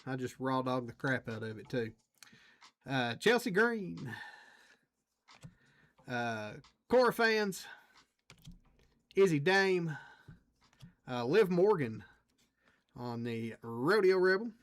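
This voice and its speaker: A man runs a trading card break livestream, chatting casually with viewers and reading out each card he pulls. His medium-pitched voice swings widely in pitch, and he talks slowly with frequent pauses.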